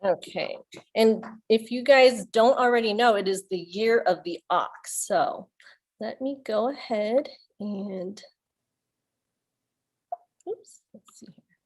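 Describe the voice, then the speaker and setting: With a medium-pitched, slightly dark voice, a young woman speaks slowly as she leads a virtual story time for children. She's a youth librarian, upbeat in manner, talking to young kids over a computer mic.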